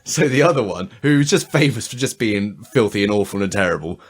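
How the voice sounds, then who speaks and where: A man's voice: lowish voice, expressive, brisk, husky. A man co-hosting a podcast in casual chat, rambling with many stammered restarts and frequent laughter. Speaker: podcast co-host.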